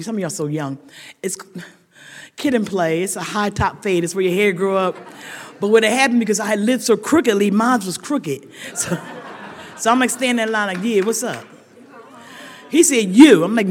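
An older woman sharing a humorous recovery story with a meeting, a lively storyteller who laughs often and rises to shouted emphasis. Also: mid-range voice, normal speed. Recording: echoey hall.

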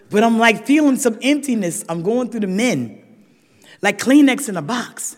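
A woman speaking at a recovery meeting, telling her story with blunt humor and lively voices for the people she quotes. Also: fairly high pitch, moderate pace. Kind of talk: personal recovery testimony. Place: large meeting hall. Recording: reverberant hall with long echo.

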